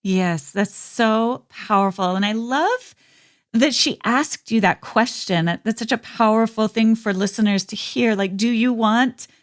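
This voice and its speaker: A woman's voice: fairly high pitch, a little slow. A woman hosting a podcast interview, responding in an affirming, enthusiastic way. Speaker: podcast host. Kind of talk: interview conversation.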